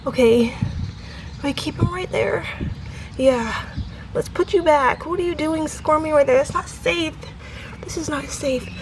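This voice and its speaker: Flustered high-voiced woman, shaky and breathless. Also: measured pace, pauses often, noisy background. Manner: flustered, repeats herself, drops into whispers. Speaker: vlogger. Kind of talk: casual vlog filmed on the spot. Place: outdoors by a tree below an apartment. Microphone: handheld camera phone.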